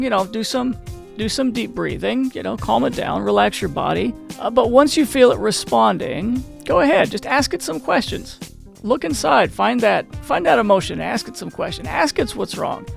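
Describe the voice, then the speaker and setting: Gravelly high-pitched man talking to camera. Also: expressive, normal speed, soft background music. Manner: conversational, repeats and restarts, asks the viewer questions. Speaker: channel host. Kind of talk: casual talk to camera.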